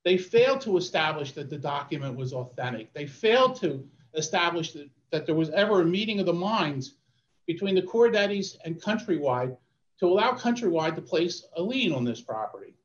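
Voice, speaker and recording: A man, an attorney, giving a formal oral argument in court, measured and often restarting his phrases. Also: on the high side, big pitch swings, reverberant, lo-fi sound. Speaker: attorney arguing an appeal.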